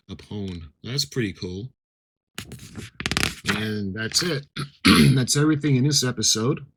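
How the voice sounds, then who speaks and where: A man's voice: on the low side, fairly bright tone, a little hiss or hum, rough recording. A middle-aged man giving casual unboxing commentary, reading captions aloud and adding chatty asides. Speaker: model-kit unboxing vlogger.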